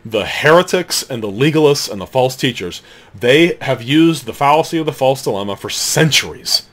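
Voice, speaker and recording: A man's voice: mid-range voice, fairly bright tone. A man giving a polemical theological teaching talk in an emphatic, incredulous manner, reading quotations aloud and rebutting them.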